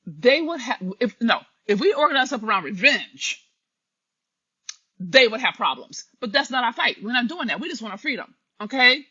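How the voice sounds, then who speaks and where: A woman with a fairly high, bright voice speaks forcefully, a breathy edge to her tone. As a commentator on a dull, lo-fi live stream, she delivers an impassioned, preachy monologue, emphatically addressing her listeners directly.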